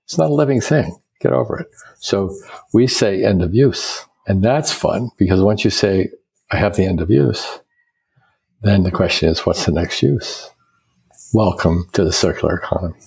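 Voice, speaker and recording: A man's voice: low-pitched, moderate pace, gravelly, slightly rough, low-quality recording. An older American man, an architect, telling stories and explaining ideas in a reflective interview. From United States. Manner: reflective, storytelling, quotes others in lively voices. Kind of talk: conversational interview.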